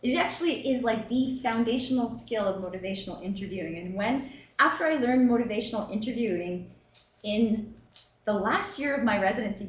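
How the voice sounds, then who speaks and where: A woman teaching a professional workshop in a relaxed, conversational way, with many fillers and short acted-out exchanges. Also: medium pitch, reverberant, low-quality recording. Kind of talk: lecture to a professional audience. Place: meeting room.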